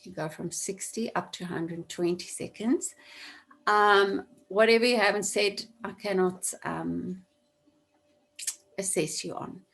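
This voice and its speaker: A woman's voice: mid-range voice, slow, gravelly, a bit bright. A woman teaching an online class over a video call, explaining a task step by step and repeating key points for emphasis. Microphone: computer mic on video call.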